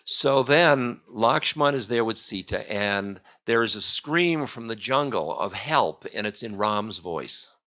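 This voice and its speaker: Man, spiritual teacher, casual storytelling lecture, chuckling, lowish voice. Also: animated, slow pace, few pauses, bright, forceful tone. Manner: humorous, casual, chuckling often.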